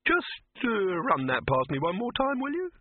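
A man voicing a nervous, flustered male film inventor who talks high and hesitant. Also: huge pitch swings, moderate pace, no echo, heavily acted. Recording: tinny phone-like dry recording.

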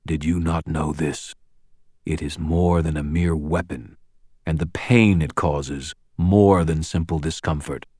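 A man voicing a huge, gruff fae giant who speaks in formal archaic words and growls. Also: a bass voice, fairly even intonation, a little slow, darkish tone, no echo, clean studio sound, exaggerated voice. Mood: menacing formal.

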